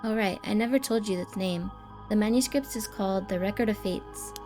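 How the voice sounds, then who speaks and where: Woman voicing an eager young occult buff, persuasive, mid-pitched, over game music. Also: a little fast, close to an everyday voice. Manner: explaining, persuasive. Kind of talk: reading game dialogue aloud.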